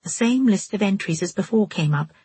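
A woman narrating a novel in the first person, in a steady, measured storytelling manner. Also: medium pitch, slightly rough, dry recording. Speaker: audiobook narrator.

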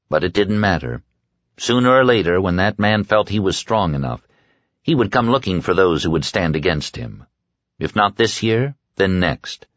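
A man narrates a novel in a measured storytelling manner, his voice sitting low. The sound is dry and close with no room, and the recording is dull and lo-fi. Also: very animated, fairly bright tone, dry recording. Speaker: audiobook narrator. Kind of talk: scripted narration.

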